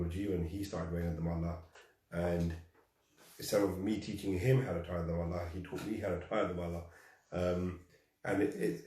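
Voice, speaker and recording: A man with a very deep voice tells a personal story with energy. He acts out the dialogue and laughs at himself. He sounds a bit distant from the mic, in a room with a noticeable echo. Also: mellow. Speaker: guest.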